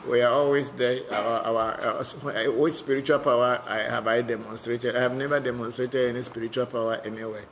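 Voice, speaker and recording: A man's voice: medium pitch, fairly even intonation, brisk, few pauses, fairly bright tone, slight background noise. A man, a spiritual teacher, answering viewer questions in a live online session, talking bluntly and often repeating words as he goes.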